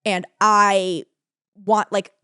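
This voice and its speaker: A woman's voice: medium pitch, clean tone, no room sound, studio quality. A young woman co-hosting a comedy podcast, recapping a story in casual, swearing chat and acting out lines. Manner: swearing, animated, acts out characters in quick voices. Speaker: podcast co-host.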